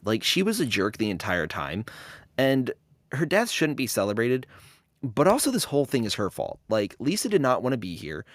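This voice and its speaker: A man's voice: lowish voice, no echo. A man hosting a podcast, giving a casual film commentary with sarcastic jokes. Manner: sarcastic, joking. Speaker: podcast host.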